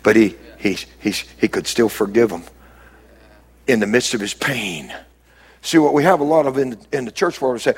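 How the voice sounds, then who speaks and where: A man preaching a sermon as a pastor, dropping low and quiet and then rising to emphatic, raised lines. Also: expressive, moderate pace, slightly rough.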